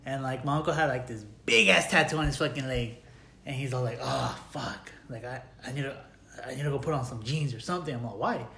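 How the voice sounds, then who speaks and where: A man's voice: medium pitch, brisk, creaky, bright, forceful tone, slight background noise. A man in casual chat, swearing freely and acting out both sides of his stories. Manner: swears constantly, acts out dialogue in stories. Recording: echoey room.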